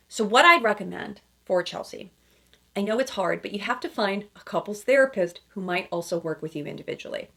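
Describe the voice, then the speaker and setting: A woman couples therapist giving emphatic reaction commentary, often checking in with asides like "okay?" and "right?". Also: fairly low pitch. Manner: emphatic, acts out quoted lines in other voices.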